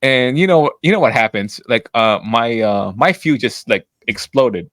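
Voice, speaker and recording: A man co-hosting a podcast, telling a workplace story in casual chat, acting out quotes and cursing freely, with a voice he calls always loud. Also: unhurried, no room sound. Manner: animated, acts out quotes with big pitch jumps and profanity; says his voice is always loud. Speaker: podcast co-host.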